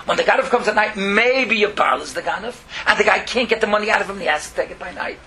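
A man's voice: sits high, expressive, quick pace, a loud crowd. A man voicing a male lion king on a throne who roars and scolds a dog. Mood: scolding. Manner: roaring, scolding.

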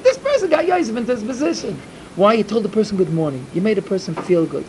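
A middle-aged man giving an emphatic storytelling sermon to a yeshiva, repeating his points and swinging from loud to hushed. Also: high voice, very animated, fast talker, a little hiss or hum, low-quality recording. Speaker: yeshiva speaker.

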